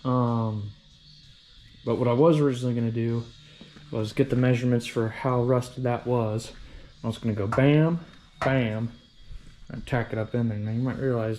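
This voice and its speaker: Rambling, profane man with a mellow voice. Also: mid-range voice, fairly even intonation, moderate pace, soft background music. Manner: rambling, profane, self-deprecating. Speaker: hobby vehicle restorer. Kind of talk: casual workshop vlog.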